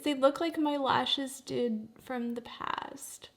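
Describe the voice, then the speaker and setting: A woman's voice: sits high, fairly even intonation, takes it slowly, vocal fry. Effusive woman in her forties. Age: 40s. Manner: effusive, gushing exclamations. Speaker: beauty vlogger. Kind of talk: casual makeup review.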